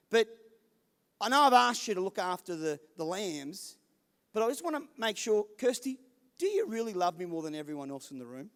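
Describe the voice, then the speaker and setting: A man, a lead pastor preaching a conversational, animated sermon, acting out the voices of the people in his story. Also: high voice. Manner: conversational, animated, acts out the voices of scripture figures. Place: church service in a large hall. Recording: long hall reverb.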